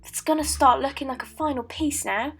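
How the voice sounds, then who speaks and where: A woman's voice: high-pitched, fairly quick, a bit bright, faint music behind. Playful teen girl, mock-Aussie voice-over. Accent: put-on Australian accent. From Britain. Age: late teens. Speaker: art student. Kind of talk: joking voice-over narration. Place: voice-over recorded at home.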